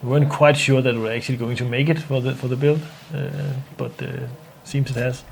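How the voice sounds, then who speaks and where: Gravelly man with dry sarcastic quips. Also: mid-range voice, steady tone, brisk. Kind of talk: casual banter. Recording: faint background noise.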